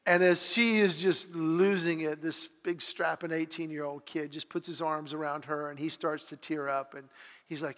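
A middle-aged man giving a sermon, telling personal stories in a confessional way, moving between loud moments and hushed ones. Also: a little high, steady tone, moderate pace, big-room sound. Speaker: speaker.

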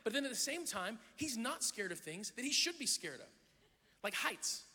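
Middle-aged pastor guy preaching, high bright voice, joking around, echo hanging in a big hall. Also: normal speed, breathy edge. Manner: animated storytelling, jokes and acted-out quotes. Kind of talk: sermon. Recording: long hall reverb.

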